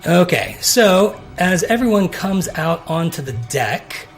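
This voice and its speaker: Game master, male, slow gravelly delivery, halting narration of scenes. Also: high voice, lively intonation. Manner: halting, with many restarts.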